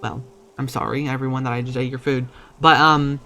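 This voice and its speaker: A young man casually commenting on a life-simulation game, rambling, swearing often and breaking into loud startled outbursts. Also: medium pitch, flat delivery, brisk, faint music behind. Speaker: gaming YouTuber.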